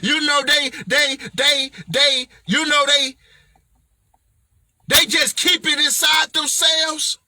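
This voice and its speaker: High-voiced, emphatic motivational man. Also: fairly even intonation, takes it slowly, background noise. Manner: emphatic, preachy, slangy and playful. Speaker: motivational speaker and self-published author. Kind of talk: motivational vlog monologue.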